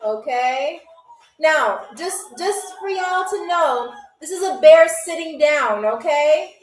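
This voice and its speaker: A woman's voice: sits high, expressive, slow, roomy sound, rough recording. A young woman hosting a live-stream game show, chatting casually with viewers while she draws, playful and calling them "y'all".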